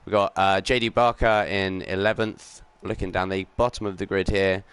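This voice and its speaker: A man's voice: sits low, steady tone, normal speed, fairly bright tone, clean tone. Chatty male sim racing commentator. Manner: chatty, upbeat, lots of ums and uhs; greets chat viewers while commentating. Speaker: league race commentator and stream host.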